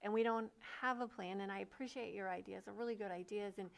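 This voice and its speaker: A woman speaking as a county supervisor at a public board meeting, measured and pausing with fillers. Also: medium pitch, fairly even intonation, creaky.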